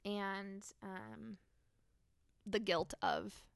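A woman's voice: medium pitch, drawn-out words, vocal fry, clean tone, no echo, studio quality. A young woman telling her personal story as a podcast guest, candid and conversational, full of "like" fillers. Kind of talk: personal testimony in a podcast interview.

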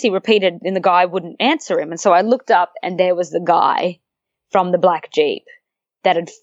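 A young woman talking in a chatty, storytelling way with a fairly low voice. She laughs easily and acts out the people she quotes. The sound is dry and a little muffled. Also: no echo. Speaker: guest. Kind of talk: casual storytelling interview.

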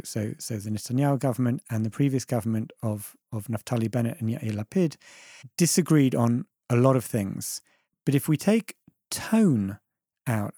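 A man's voice: mid-range voice, mellow, dry recording, clean studio sound. A man arguing his side as a debate panelist, thoughtful and hedging, often restarting his phrases. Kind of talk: debate argument.

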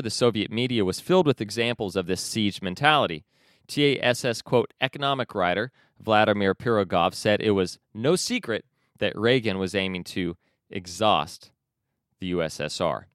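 A man's voice: on the low side, a bit bright, clean tone, dry recording, studio quality. A man hosting a news commentary podcast, reading book passages aloud with his own asides. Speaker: podcast host.

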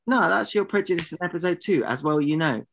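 Male co-host, rambling indignant banter, pitched a little high. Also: lively intonation, fast, creaky, fairly bright tone. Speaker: podcast co-host. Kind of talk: comedy podcast banter.

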